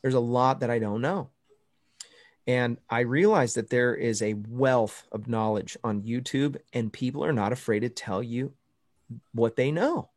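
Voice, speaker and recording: A man's voice: mid-range voice, measured pace, dry recording. Chatty pastor guest, dry close sound, call audio, laughs through his anecdotes. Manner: storytelling, animated, laughs often. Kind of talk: casual chat over a video call. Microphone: video call.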